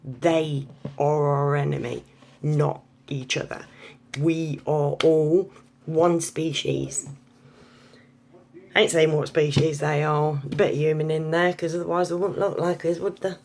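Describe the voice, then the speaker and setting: A woman's voice: low-pitched, fairly even intonation, a little slow, gravelly, a little mellow. An English woman in a blunt, sweary, chatty opinion rant to camera. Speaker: vlogger.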